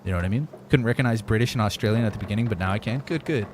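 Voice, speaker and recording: A man's voice: on the low side, very fast, noisy background. Rambling, swearing streamer man from Canada. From Northern Ontario, Canada. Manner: rambling, argumentative, swears freely. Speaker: game streamer. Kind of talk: casual chat with stream viewers.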